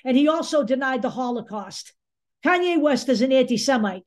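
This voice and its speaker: A woman's voice: high voice, lively intonation, normal speed. A woman hosting a political commentary show, talking angrily, bluntly and sarcastically, with some swearing. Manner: angry, sarcastic, blunt and profane. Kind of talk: opinion commentary monologue.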